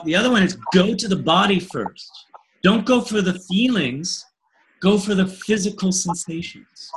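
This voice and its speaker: Laughing frequently, this high-pitched man runs a webinar as a coach, teaching casually and playing out client dialogues with animation. The recording quality is rough.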